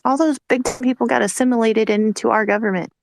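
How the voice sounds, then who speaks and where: A woman's voice: a little high, fairly even intonation, brisk, creaky, dry recording. A young woman in casual chat, loose and swearing, filling with "like" and "um". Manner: loose, swears, says "like" and "bro".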